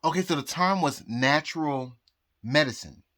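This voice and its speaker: A man's voice: a little high, normal speed, a bit bright, no echo, clean studio sound. Hesitant man rambling. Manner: hesitant, many ums and restarts. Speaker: vlogger. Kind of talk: rambling casual vlog. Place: outdoors, then indoors at home.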